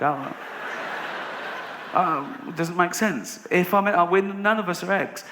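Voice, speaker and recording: An English man performing a stand-up comedy routine on a theatre stage, telling stories deadpan and then ranting in disbelief. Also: high voice, moderate pace, long pauses. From England. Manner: storytelling, deadpan then rising to incredulous rants. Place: theatre stage with a laughing audience. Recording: noisy live venue recording.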